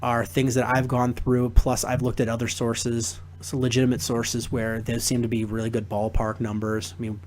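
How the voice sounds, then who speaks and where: A man's voice: medium pitch, moderate pace, hardly any pauses, slight background noise. A young man hosting a casual sports talk podcast, reading a sponsor spot and chatting with guests. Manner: animated, laughs while telling stories. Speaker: podcast host.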